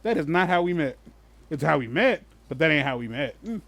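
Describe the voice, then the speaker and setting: A man's voice: a little high, a little fast, creaky, no room sound. A man co-hosting a podcast, telling stories in casual chat, swearing freely and breaking into laughter. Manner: animated storyteller, swears freely, bursts into laughter. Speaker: podcast co-host.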